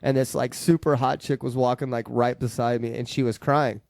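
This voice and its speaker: A man's voice: medium pitch, fairly even intonation, moderate pace, vocal fry, a little mellow, no echo, studio quality. A man hosting a podcast, telling profane stories in casual chat with frequent laughter. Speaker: podcast host.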